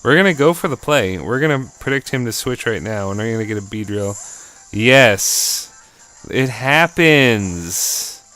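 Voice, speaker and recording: A man with a lowish, smooth, resonant voice talks through his own video game battle. He is excitable, chatty and jokey, and faint game music plays behind him. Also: fast talker, hardly any pauses. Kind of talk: casual battle commentary.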